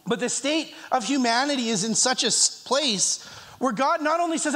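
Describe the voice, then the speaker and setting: A man's voice: extremely high pitch, sing-song, pushed and bright. A man preaching a sermon in a church, earnest and reading scripture, with a slight cough. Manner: earnest, with pauses and restarts, reading scripture aloud. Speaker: pastor. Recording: long reverb of a church hall.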